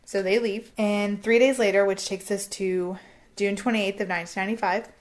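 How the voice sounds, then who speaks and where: A young woman talks through a true-crime case in a loose, chatty way, dropping into quick snatches of other people's voices and letting the swear words fly. She sounds relaxed and unscripted, like she is telling a friend the story. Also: medium pitch. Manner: conversational, quotes people with bits of voices, swears freely. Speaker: podcast co-host.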